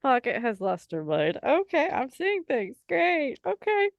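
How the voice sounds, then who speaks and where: Female tabletop player, high voice, slow easy pace, dry close sound. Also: huge pitch swings, creaky, no echo, lo-fi sound. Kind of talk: casual tabletop chat.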